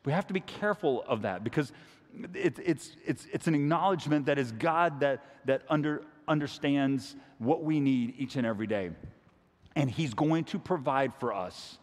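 Folksy pastor in reverberant hall. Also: male voice, mid-range voice, animated, normal speed. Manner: conversational, repeats words, folksy. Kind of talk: sermon.

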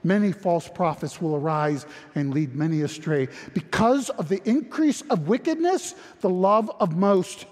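A man preaching a sermon, with an impassioned manner and frequent restarts that rise toward near-shouting. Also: high-pitched, lively intonation, unhurried, hardly any pauses, long reverb tail. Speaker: pastor.

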